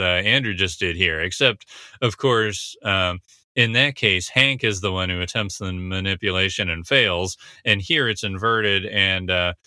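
A man talks through a TV scene in a casual, analytical way, recapping dialogue and pausing often on fillers. His fairly low voice has a very bright, sharp edge. The sound is close and dry with no room echo. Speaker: commentator breaking down a TV scene.

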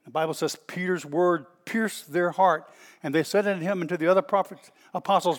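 High-voiced preacher man, emphatic. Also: steady tone, a little fast. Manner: reads scripture aloud, then comments with emphatic repetition. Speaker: pastor. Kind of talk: sermon.

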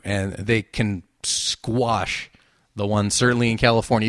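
A man's voice: fairly low pitch, no room sound. A man hosting a casual solo show, making dry, sarcastic asides as he talks. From New Jersey. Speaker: podcast host.

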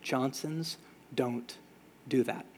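A man voicing a calm, stern father scolding his son in a quiet, measured way. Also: medium pitch, lightly acted. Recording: long hall reverb.

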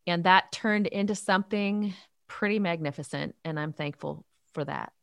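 A woman in her fifties who leads a youth ministry, answering interview questions in an earnest, animated way. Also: fairly low pitch, moderate pace, gravelly, clear, resonant tone, no echo. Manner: earnest, animated storytelling with faith talk. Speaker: author and youth ministry leader.

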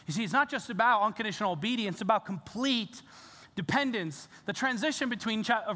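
A male pastor preaching a sermon, earnest and animated, with casual fillers and restarts. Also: very high voice. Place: church sanctuary. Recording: church hall reverb.

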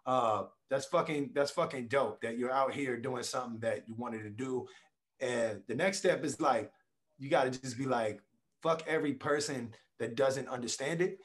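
A man's voice: mid-range voice, moderate pace. A man, a podcast guest, talking casually and bluntly, swearing freely and acting out quotes as he makes his points. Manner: blunt, profane, animated storytelling with acted quotes. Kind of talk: casual conversation.

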